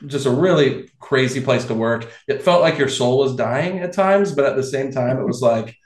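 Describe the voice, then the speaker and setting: A man hosting a casual sports podcast, animated and quick to laugh, with frequent restarts. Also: mid-range voice. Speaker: podcast host. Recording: roomy echo.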